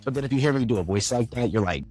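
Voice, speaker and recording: A man's voice: medium pitch, animated, very fast, darkish tone, faint music behind. A young adult man, a voice actor, chatting loosely in an interview and filling his talk with "like" and "you know". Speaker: voice actor guest. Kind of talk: casual interview chat.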